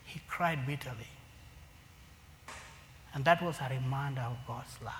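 A man preaching a sermon to a congregation, swinging from loud emphatic lines to near-whispers. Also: mid-range voice, measured pace. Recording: long hall reverb, faint room noise.

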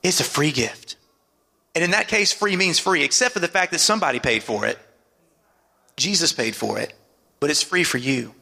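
A high-pitched, gravelly man delivers a sermon as pastor, calling for amens and sinking his voice for emphasis. His tone is bright and forceful. The sound carries a long hall reverb. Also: animated, moderate pace, long pauses. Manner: preaching with call-and-response asides and dramatic drops in pitch.

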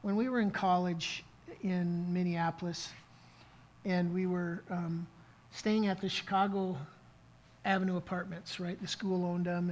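A man's voice: high voice, low-quality recording. A middle-aged man preaching a sermon as pastor, telling a story in an earnest way, with frequent restarts. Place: church service.

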